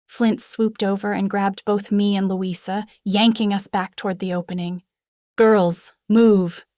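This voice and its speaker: A woman reading a first-person fantasy novel aloud in a dramatic, expressive way. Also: mid-range voice, moderate pace, no echo, clean studio sound. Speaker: audiobook narrator.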